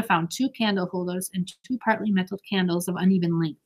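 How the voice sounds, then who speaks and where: A woman's voice: fairly low pitch, fairly even intonation, a little fast, darkish tone. A woman narrating a children's storybook, reading steadily and expressively. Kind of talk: storybook read-aloud.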